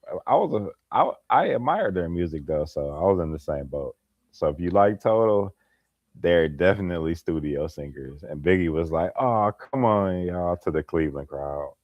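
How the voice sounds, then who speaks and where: A man's voice: rumbling low, expressive, moderate pace, no room sound, muffled recording. A man hosting a late-night livestream, chatting casually with viewers by name and laughing often. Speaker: livestream host. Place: home at night, holding a light.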